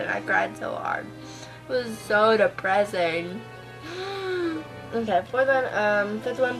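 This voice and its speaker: A woman's voice: mid-range voice, rough recording. A teenage girl vlogging at her computer, gushing and rambling with lots of ums and likes. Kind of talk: casual chat. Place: at home in front of a computer.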